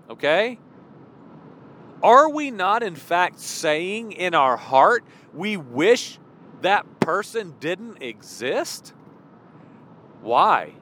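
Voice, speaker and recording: Recorded outside near traffic, a man preaches informally in a slightly high, sing-song voice that's bright and forceful. He takes his time with long pauses, talking conversationally, asking rhetorical questions and voicing imagined characters.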